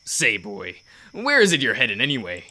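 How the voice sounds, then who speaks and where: A man's voice: mid-range voice, huge pitch swings, normal speed, bright, forceful tone, full character voice. A man doing Jesse, a folksy, easygoing biker. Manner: homespun folksy speech. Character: folksy easygoing male biker, friendly and talkative.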